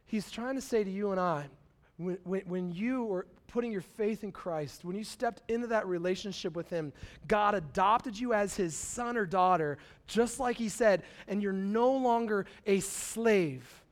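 A young man preaching a sermon in a casual, animated storytelling way, full of slang and acted-out quotes. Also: high-pitched, measured pace. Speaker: pastor.

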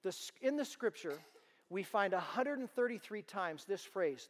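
A man giving a sermon-style talk to parents in a large room, telling stories in an animated way. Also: high voice, moderate pace. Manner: animated storytelling. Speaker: ministry speaker.

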